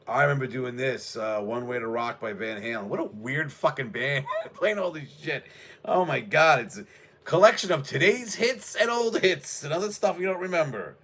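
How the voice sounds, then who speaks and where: A man's voice: medium pitch, fairly bright tone, breathy edge. A man rambling casually about his past, profane and offhand, trading memories as he goes. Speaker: music show host.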